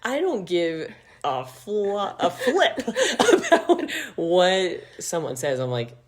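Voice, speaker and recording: Giggly woman with a lowish voice. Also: wildly swooping pitch. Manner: chatty, giggly, quick asides. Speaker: podcast co-host. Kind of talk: casual chat.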